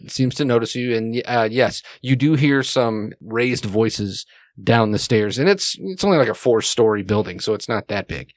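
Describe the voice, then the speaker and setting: Male game master, rambling, filler-heavy narration, medium pitch, dry close sound. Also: no room sound.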